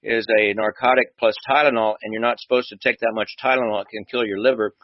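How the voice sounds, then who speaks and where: A man's voice: fairly low pitch, steady tone, fast, dry recording, dull audio. A man, a doctor hosting a radio show, chatting and telling a story while acting out the dialogue. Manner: conversational, acts out dialogue in his stories.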